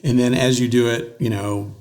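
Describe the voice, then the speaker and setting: An American man with a medium voice tells animated stories in an easygoing conversation. He loops back and restarts often, with plenty of fillers. He sounds like a working voice-over artist chatting about his craft. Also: medium pitch, moderate pace. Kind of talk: casual interview chat.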